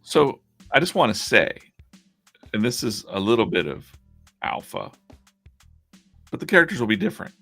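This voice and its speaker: A man's voice: on the low side, big pitch swings, moderate pace, creaky, pauses often, a bit bright, faint music behind. A man hosting a casual live stream as a comic artist, chatting in a rambling way with many restarts.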